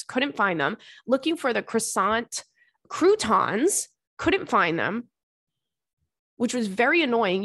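Young female podcast host, chatty and animated, dry close sound, mid-pitched. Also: no room sound. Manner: animated, acts out quotes with big jumps in pitch. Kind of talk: casual chatty storytelling and reading listener letters.

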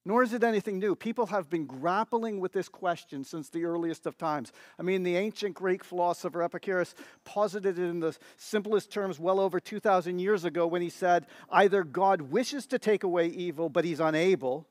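A man's voice: high voice, brisk, hardly any pauses, no room sound. Earnest male preacher, dry close sound. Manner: earnest, building emphasis through repeated phrases. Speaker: pastor. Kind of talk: sermon.

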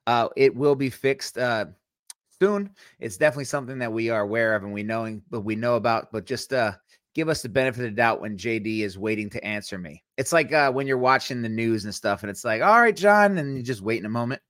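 An energetic man chatting casually as co-host, quick to joke and to lighten the mood. His voice sits at an ordinary middle pitch and comes across dry and close, with no room sound. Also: no echo. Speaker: podcast co-host. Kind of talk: casual chat.

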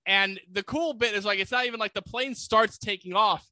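A man with a high, sharp voice speaks briskly, with no room sound, as a podcast co-host. In this casual movie recap, he animatedly retells the plot and acts out quoted lines.

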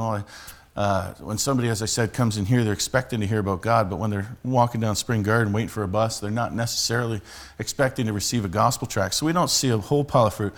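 A man, a street preacher telling a story and teaching in a conversational sermon style with many restarts. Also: mid-range voice.

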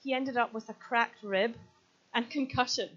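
A woman's voice: a little high, normal speed, fairly bright tone. A Scottish woman in her thirties preaching a sermon, joking with the audience and then speaking with earnest urgency. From Scotland. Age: 30s. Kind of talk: sermon with props and stories. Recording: slightly dull, lo-fi sound.

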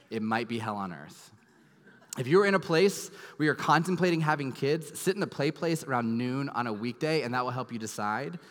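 A man in his thirties, a pastor preaching a sermon, earnest and emphatic, dropping to soft low tones at tender moments. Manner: earnest, emphatic storytelling with sudden soft drops. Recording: long hall reverb.

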